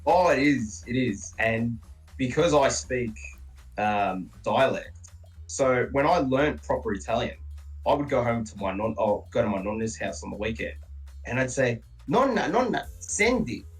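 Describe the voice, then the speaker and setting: A man from Australia chatting casually as a guest on a game stream, telling animated stories and mimicking his relatives. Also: mid-range voice, normal speed, distant mic, soft background music, low-quality recording. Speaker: guest player.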